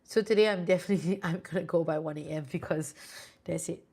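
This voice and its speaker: Singaporean woman, tarot-reading streamer; chatty and reassuring, gravelly edge. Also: lowish voice, fast talker, darkish tone. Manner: chatty, reassuring, sprinkles "lah". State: sleepy, yawning. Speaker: tarot reader and live streamer. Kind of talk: casual live-stream chat with viewers.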